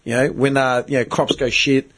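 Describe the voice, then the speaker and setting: A man's voice: medium pitch, flat delivery, moderate pace, fairly bright tone. A man, ranting bluntly and swearing in a casual chat as host.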